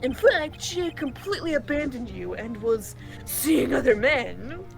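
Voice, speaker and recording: A woman's voice: high-pitched, big pitch swings, a little slow, gravelly, faint music behind, full character voice. A woman reading a smug male prosecutor's lines aloud from a game in a plain voice. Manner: plain read-aloud delivery.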